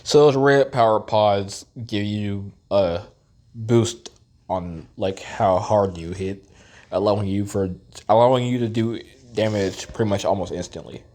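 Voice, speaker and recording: A man's voice: on the low side, unhurried, dark tone. A man with a stuffy, nasal voice giving casual gameplay commentary, thinking aloud and musing with fillers as he plays. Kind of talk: casual let's-play commentary.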